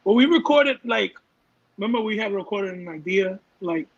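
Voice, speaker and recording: A man with a raspy voice, a guest singer, chatting in a laid-back way and dropping into Spanish. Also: high voice, lively intonation, normal speed, dull audio, a little hiss or hum. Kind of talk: casual chat.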